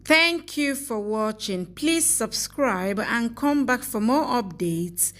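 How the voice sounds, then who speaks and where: A woman's voice: a little high, animated, slow, fairly bright tone. A woman reading a scripted recap of a TV series episode, with a plain reading of the dialogue as reported speech.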